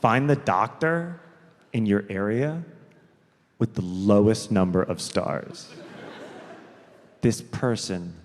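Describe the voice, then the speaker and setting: Man doing stand-up in a hall. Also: fairly low pitch. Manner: deliberate, drawn-out storytelling with sudden quick asides. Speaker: stand-up comedian. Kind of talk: stand-up comedy set. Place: large theater stage. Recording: live comedy hall with long reverb, faint crowd noise.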